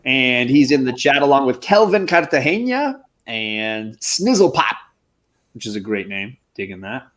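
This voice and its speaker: A man's voice: mid-range voice, very animated, a little slow, fairly bright tone. A man co-hosting a casual comic book live stream, upbeat and joking as he reads out names from the chat. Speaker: comic book show co-host.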